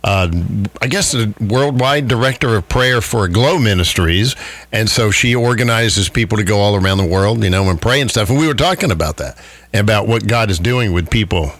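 Chatty, lively radio host man. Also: on the low side, moderate pace, dry recording. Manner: chatty and jokey, laughs often. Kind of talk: casual radio interview.

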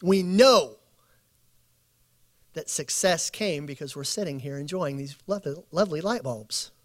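A man gives a sermon at a midweek bible study, with a voice set a touch high for a man. He piles up short phrases in slow, weighty lists and acts out the people in his stories. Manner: preachy, animated storytelling with acted quotes. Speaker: pastor.

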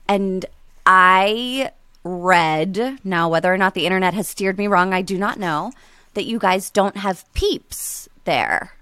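Bright-voiced, slow-talking American woman. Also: mid-range voice, smooth, dry recording. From United States. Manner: playful, laughs often. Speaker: podcast guest, comedian. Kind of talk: casual chat.

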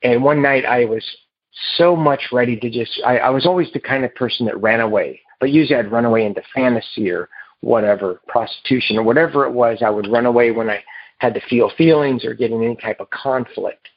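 A man telling his recovery story to a meeting in a halting, earnest way, heard over a phone. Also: mid-range voice. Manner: halting and earnest, with repeated restarts. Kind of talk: personal recovery story told to a group. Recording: muffled phone line.

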